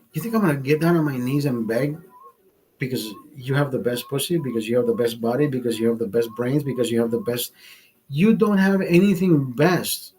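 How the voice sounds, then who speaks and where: On a low-quality recording, a livestream host with a mid-range, darkish, slightly rough voice tells a story as a heated, profane rant in a storytime monologue.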